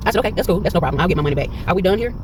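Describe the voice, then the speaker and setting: Fast-talking, high-voiced man telling a story. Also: a little hiss or hum, rough recording. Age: 40s. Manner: animated retelling that acts out quoted dialogue. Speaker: vlogger. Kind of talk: casual storytelling vlog. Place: in a parked car.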